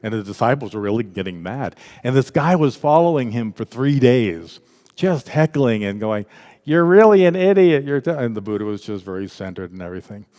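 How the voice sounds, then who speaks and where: A man's voice: fairly low pitch, a little fast. Man leading a church workshop, echoey hall. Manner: lively, conversational, acts out quoted voices. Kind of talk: interactive spiritual workshop talk. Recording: echoey hall with long reverb.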